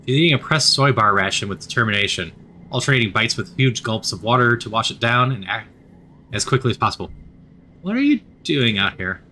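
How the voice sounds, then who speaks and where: A man's voice: fairly low pitch, fast, bright, forceful tone, a little hiss or hum. A man reading a story game aloud as he plays, adding wry asides of his own. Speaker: narrator of a story game playthrough. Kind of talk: narrated playthrough.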